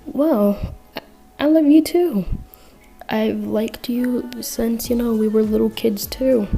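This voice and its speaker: A nervous young sweetheart, voiced by a woman stammers out a confession in a lifted, higher voice. The tone stays mellow, with soft music faintly behind. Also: little pitch movement, a little slow, creaky. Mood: shy.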